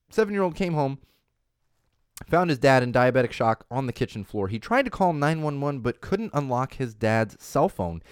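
In a Los Angeles studio, a man hosts a casual live-streamed talk show, chatty and rambling, often interrupting himself to restart sentences. His mid-range voice is clear and resonant, with studio quality and no echo.

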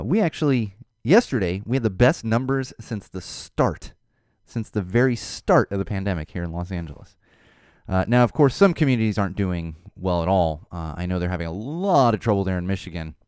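A man delivers an animated, emphatic monologue with a pitch that rises and falls in lively sweeps. The sound is dry and close, with no room around it. He hammers key words and repeats them when upset. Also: dry recording. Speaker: show host. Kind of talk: casual monologue.

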